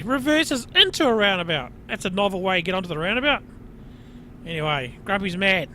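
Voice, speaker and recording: A man's voice: sits high, lively intonation, normal speed, sharp tone, a little hiss or hum. A man with a New Zealand accent ranting with exasperation as he hosts dash cam commentary, calling himself Grumpy and breaking into frequent outbursts. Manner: exasperated grumbling, calls himself Grumpy in the third person; frequent outbursts and mild swearing. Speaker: dash cam channel host.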